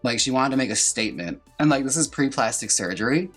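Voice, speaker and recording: A young man who performs as a drag queen chats campily through a makeup tutorial, tossing in theatrical asides. His medium-pitched voice is expressive and fairly bright, and he talks fast. Faint music plays in the background.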